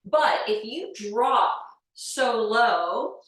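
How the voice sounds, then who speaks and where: A woman guides a yoga class at an unhurried, deliberate pace, calling out breaths and poses one at a time. Her voice carries a heavy room echo and sounds distant from the microphone. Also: fairly high pitch. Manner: calm step-by-step cueing with breath counts. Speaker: yoga teacher. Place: yoga studio. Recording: echoey room, voice from far off mic.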